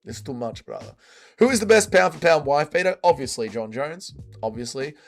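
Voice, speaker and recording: A man's voice: fairly high pitch, lively intonation, normal speed, gravelly, faint music behind. An Australian man hosting a casual livestream, reading out chat comments with blunt, crude banter, his voice tired and sore. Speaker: livestream host.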